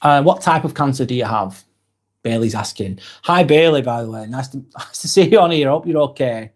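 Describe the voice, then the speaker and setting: A British man runs a live stream, voicing viewer comments and replying in a warm, gentle manner punctuated by small laughs. His mid-range voice has lively intonation, and his pace is fairly quick.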